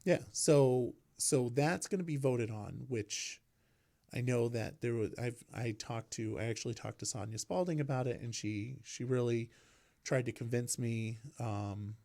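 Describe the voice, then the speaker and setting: Man from vermont, mellow voice, halting, co-host, local politics chat. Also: mid-range voice, vocal fry. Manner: halting, restarts, frequent fillers. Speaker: local podcast co-host, city councilor.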